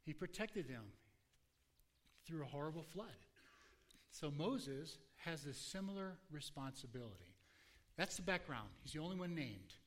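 A pastor preaching a sermon in a relaxed, conversational teaching manner. His voice sits a little higher than most men's, and he slips into character voices when quoting scripture. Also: moderate pace, pauses often, a little hiss or hum. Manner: conversational teaching, acting out quotes.

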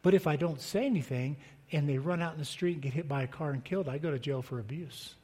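Middle-aged pastor preaching in a reverberant hall. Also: male voice, on the high side, fast, a little mellow, slightly rough. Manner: conversational, joking with the congregation. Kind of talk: sermon. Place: church sanctuary. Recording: long reverb of a church hall.

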